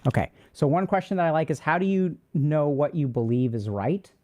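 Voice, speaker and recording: A man's voice: on the high side, animated, a little fast, warm tone. A man hosting a casual livestream, reading out and answering chat questions in a loose, rambling way.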